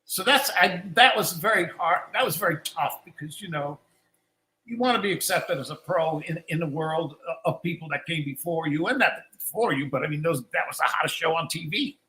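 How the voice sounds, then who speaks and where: An older man tells stories in a loose, rambling way during a live Q&A, doubling back and restarting his sentences. His voice is high for a man and sharply bright. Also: fairly quick, low-quality recording. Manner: rambling, restarts often, acts out quoted lines. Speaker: guest musician. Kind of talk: casual storytelling in a live Q&A.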